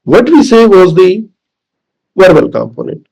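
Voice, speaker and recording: Slow, gravelly Pakistani-accented male lecturer. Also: sits high, sing-song, a little mellow, poor audio. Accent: Pakistani English. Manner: slow, deliberate, repeats key points with fillers. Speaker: professor lecturing. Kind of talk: recorded lecture.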